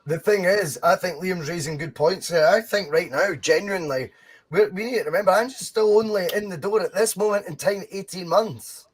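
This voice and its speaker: A Scottish man co-hosting a casual football podcast, talking in an animated, rambling way and swearing freely. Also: sits high, moderate pace, slightly rough. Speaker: podcast co-host.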